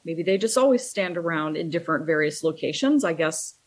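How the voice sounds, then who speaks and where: A woman's voice: low voice, animated, brisk, few pauses. A woman who teaches Reiki, casually telling a long story with a wry, chatty manner and acting out the lines of the people in it.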